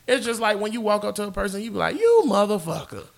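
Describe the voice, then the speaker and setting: A man hosting a podcast in casual chat, animated and profane. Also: high voice, very fast, vocal fry. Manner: animated, profane, laughs often. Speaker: podcast host.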